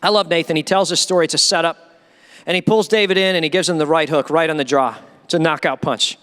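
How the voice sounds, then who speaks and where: Fast-talking and smooth, this male pastor has a fairly high, fairly bright voice with fairly even intonation. His sermon in a church sanctuary is emphatic and conversational, packed with rhetorical questions, and echoes with a church hall's long reverb.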